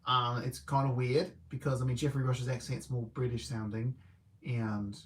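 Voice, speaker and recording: A man's voice: medium pitch, flat delivery, moderate pace, slight background noise. A man hosting a casual livestream movie review, rambling and correcting himself as he thinks aloud. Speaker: film reviewer host.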